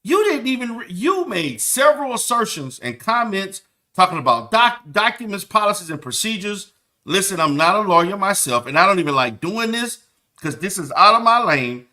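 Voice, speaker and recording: A man's voice: high voice, sharp tone. A man reacting to clips with exasperated, mocking commentary, laughing between lines and cursing.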